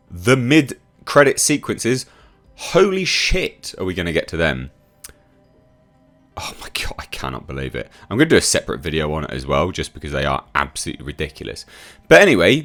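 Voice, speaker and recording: A man's voice: sits low, fairly bright tone. A man giving an exasperated, swearing, rambling film review in a casual online video rant.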